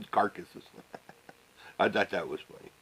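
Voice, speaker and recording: A middle-aged man ranting casually to the camera, rambling and swearing, often trailing off into low mutters. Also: unhurried, a bit bright, rough recording. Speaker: vlogger.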